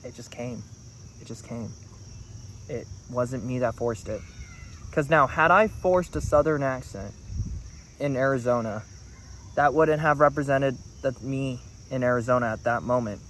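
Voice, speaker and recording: A man's voice: medium pitch, moderate pace, fairly bright tone, slight background noise. A man talking to the camera in a rambling, earnest monologue. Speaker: vlogger.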